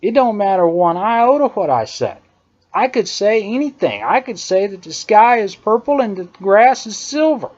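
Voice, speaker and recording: A man's voice: high voice, sing-song, moderate pace, a little mellow. A man delivering an emphatic, indignant opinion monologue, hammering his points by repeating phrases. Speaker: political commentator. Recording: dull lo-fi recording.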